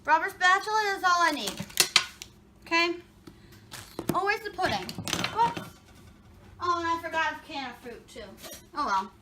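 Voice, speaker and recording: A woman's voice: very high voice, animated, normal speed, pauses often, background noise. A woman vlogger chatting casually and jokingly while making a recipe in her home kitchen. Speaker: cooking vlogger. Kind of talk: casual chat while cooking.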